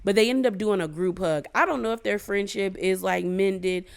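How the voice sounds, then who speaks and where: Her medium-pitched voice is gravelly yet smooth, at a moderate pace, as she dishes on a reality show. She addresses viewers head-on, casual, gossipy, opinionated, and slangy.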